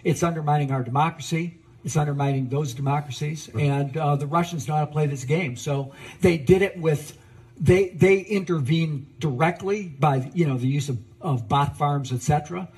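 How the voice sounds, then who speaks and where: Man, interview guest, hesitant, halting, slightly high husky voice. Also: darkish tone. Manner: hesitant, many fillers and restarts. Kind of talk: hesitant news interview answer.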